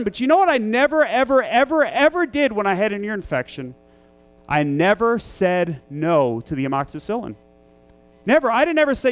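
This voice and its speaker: Pastor, man, a parent, high clear tenor; earnest emphatic sermon, leans on repetition. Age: young adult to middle-aged, a parent. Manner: earnest, emphatic, repeats key phrases.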